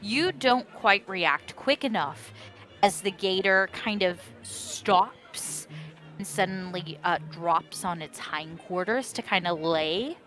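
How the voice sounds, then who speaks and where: Halting woman game master, bright voice. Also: fairly low pitch, faint music behind. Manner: halting, full of ums and uhs. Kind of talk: narrating a tabletop game.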